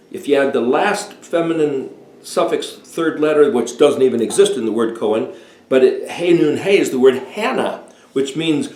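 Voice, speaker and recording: A man in his sixties giving a deliberate, emphatic talk explaining Hebrew words as a home Bible teacher. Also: medium pitch, sing-song, a little mellow. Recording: echoey room.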